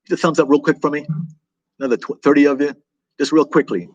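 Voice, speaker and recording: A man's voice: fairly high pitch, steady tone, fast, muffled recording. A tired man from the United States, recovering from illness, chatting casually on a livestream in a rambling, repetitive way. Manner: rambling and repetitive, with many restarts and fillers. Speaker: travel vlogger hosting a livestream.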